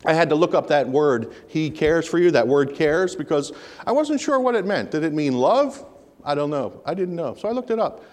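High-voiced preacher in a reverberant hall. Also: male voice, expressive, normal speed, darkish tone. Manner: earnest, repeats phrases for emphasis. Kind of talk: sermon.

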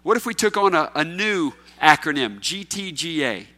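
A man preaches to his congregation, his voice high and bright. He presses loud, emphatic questions, then drops to quiet, low asides. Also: sing-song, moderate pace. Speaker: pastor. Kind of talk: sermon.

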